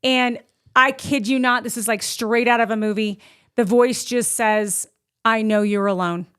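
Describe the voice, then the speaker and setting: A middle-aged woman tells a story in casual chat, her voice sitting a little high. She is animated and slips into acting out what she once said. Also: a little slow, clean tone. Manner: animated, acts out her own past lines. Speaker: guest storyteller.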